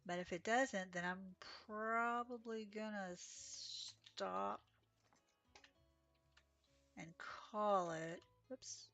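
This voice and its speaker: Sleepy, chatty woman streamer, mid pitch, light music under her. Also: drawn-out words, long pauses, fairly bright tone. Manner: chatty, reads chat aloud, gasps and exclaims. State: sleepy, yawning. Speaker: game streamer. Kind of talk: casual live-stream chat.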